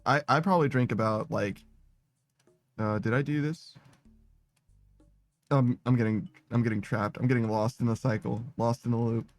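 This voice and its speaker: Pausing often at a normal speed, this man speaks in a steady, medium-pitched voice as he streams a game and chats casually with viewers. He laughs a lot, rambles, curses heavily and jokes at his own expense. The close mic is dry, faint music behind.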